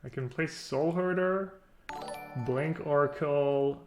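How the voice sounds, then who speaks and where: A man streaming a card game, chatting casually and thinking out loud while poking fun at himself. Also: fairly high pitch, takes it slowly, lo-fi sound, soft background music. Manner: chatty, self-mocking, thinks aloud. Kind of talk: casual live-stream commentary.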